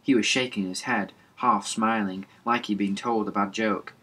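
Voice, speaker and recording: A man's voice: lowish voice, steady tone, moderate pace, pushed and bright, slightly rough. A man reading a novel aloud as an audiobook, plainly, with small slips and restarts. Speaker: reader.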